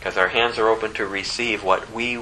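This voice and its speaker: A man's voice: fairly even intonation, a little fast, pushed and bright, a little hiss or hum, poor audio. A man preaching a sermon, his voice rising sharply when he gets emphatic. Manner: impassioned, pitch climbing sharply when emphatic.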